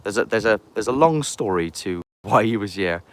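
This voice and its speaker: A man's voice: on the low side, animated, moderate pace. A man chatting casually on a live stream outdoors by a castle, rambling and greeting viewers as he walks. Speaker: paranormal investigator streaming live.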